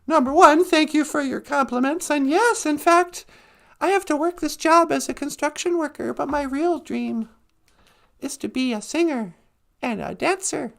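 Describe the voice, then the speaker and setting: A man's voice: very high-pitched, moderate pace, gravelly, a bit bright, full character voice. A man voicing a blunt, working-class male construction worker in a spoken joke. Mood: proud.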